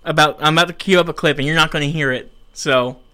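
A man's voice: fairly high pitch, steady tone, fast, pushed and bright. A young man hosting a live show in casual chat, rambling and frustrated by technical trouble. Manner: frustrated, rambling, self-mocking. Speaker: show host.

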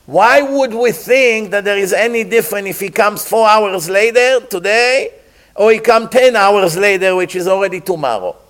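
Guy giving a torah class, keeps asking the room questions, throws in hebrew words, pretty high voice. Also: normal speed, fairly bright tone. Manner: asks the listeners rhetorical questions; mixes Hebrew terms into his English. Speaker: Torah teacher. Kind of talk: religious class.

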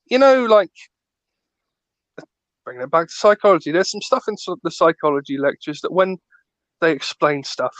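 A man's voice: fairly high pitch, big pitch swings, normal speed, long pauses, a bit bright, dry recording, muffled recording. A man co-hosting a podcast, ranting playfully in casual chat and acting out little scenes. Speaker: podcast co-host.

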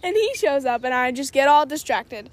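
A woman's voice: sits high, expressive, moderate pace. A young woman telling a story in a casual chat, blunt and offhand, swearing now and then. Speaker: co-host.

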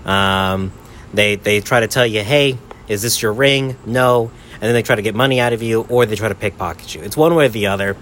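Low-voiced young man telling stories casually. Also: brisk, fairly bright tone, a little hiss or hum. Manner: rambling, peppered with "like" and "right?". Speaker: podcast host. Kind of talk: casual storytelling.

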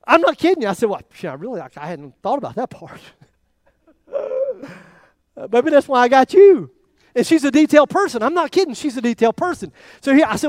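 A man preaching a sermon as pastor, telling his own story with animated swings between loud and hushed delivery. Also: very high-pitched, brisk, no echo. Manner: animated storytelling, voice rising and dropping to near quiet.

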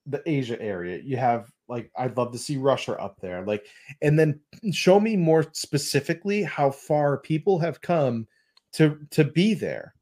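A man hosting a podcast in casual chat, animated and rambling, often laughing. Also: mid-range voice, unhurried. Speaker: podcast host.

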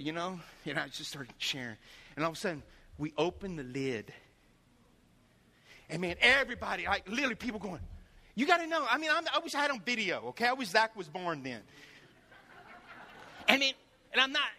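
A pastor preaching a sermon, telling stories in an animated way and acting out the voices of the people in them. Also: male voice, very high voice, long reverb tail.

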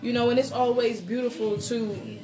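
A woman's voice: fairly high pitch, fairly even intonation, moderate pace. Woman host on a faith podcast, rambly and preachy, echoey room, faint music behind. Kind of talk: casual faith chat.

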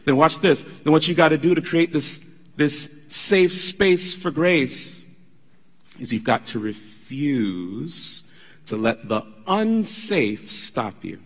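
A pastor delivering a sermon, emphatic and conversational, with asides to the congregation. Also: male voice, a little high, animated, slow pace, big-room sound.

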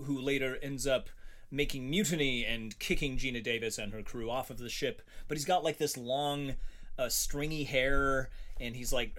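A man's voice: mid-range voice, a bit bright. A man co-hosting a casual podcast, ranting with emphatic exasperation. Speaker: podcast co-host. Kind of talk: casual chat.

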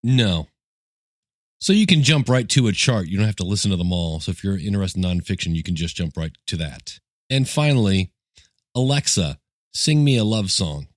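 Brief: man, podcast host, relaxed and plain-spoken, low voice, dry sound. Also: moderate pace, no echo. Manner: relaxed, plain-spoken, giving commands to a device. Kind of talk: casual podcast demo.

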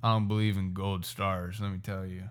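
Man, casual chat, loud, laid-back, easygoing slangy talk. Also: low voice, level tone, moderate pace, smooth. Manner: loud, laid-back, says "dude" a lot.

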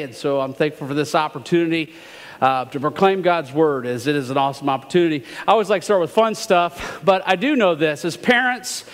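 Brief: male guest preacher, chatty and joking, slightly high voice, long church reverb. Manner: chatty, joking, asks the congregation questions. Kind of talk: sermon with jokes and scripture reading. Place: church sanctuary.

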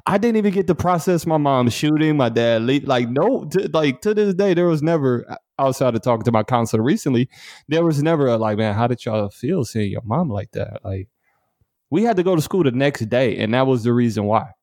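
A man's voice: medium pitch, animated, a little fast, a little mellow, no echo. Man guest on a podcast, earnest and emphatic, repeats himself to hammer a point, mid voice, very dry close sound. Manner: laughs often between points. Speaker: author and guest. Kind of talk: conversational storytelling interview.

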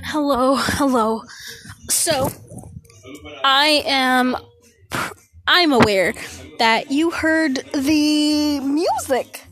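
A fourteen-year-old girl records her casual solo podcast into a phone in her bedroom, speaking in a high voice, very slowly and with frequent pauses. She's out of breath, rambles, and keeps losing her train of thought.

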